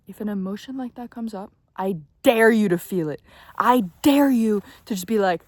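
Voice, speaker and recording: This young woman's darkish, medium-pitched voice moves at a normal pace as she gives self-help advice straight to camera with no echo. Casual and emphatic, she swears freely, sometimes whispers, and checks in with "okay?" often.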